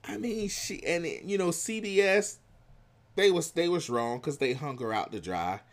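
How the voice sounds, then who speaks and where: A man giving casual reaction commentary in a slangy, animated way, swinging between loud outbursts and hushed asides. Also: a little high, moderate pace. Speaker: commentary vlogger.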